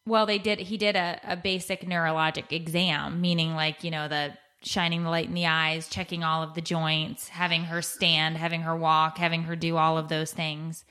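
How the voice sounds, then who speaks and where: Low-voiced woman podcast host, rambling. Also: flat delivery, normal speed, hardly any pauses, sharp tone, clean tone. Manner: rambling, restarting storyteller. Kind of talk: casual chat.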